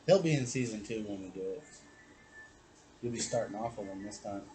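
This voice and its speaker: A man's voice: on the low side, brisk, over music, low-quality recording. A man, the game master, chatting casually about his tabletop campaign, laid-back and swearing freely. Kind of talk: casual chat.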